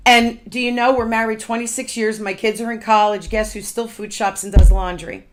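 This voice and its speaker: Animated storytelling woman host. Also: on the high side, normal speed, hardly any pauses, faint music behind. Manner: animated storytelling, acts out quoted dialogue. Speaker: podcast host. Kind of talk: casual interview chat.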